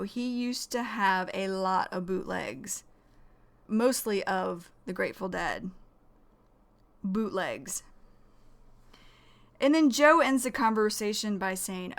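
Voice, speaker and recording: A woman teaching English vocabulary, explaining each word slowly and carefully. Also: medium pitch, fairly bright tone. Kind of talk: vocabulary lesson.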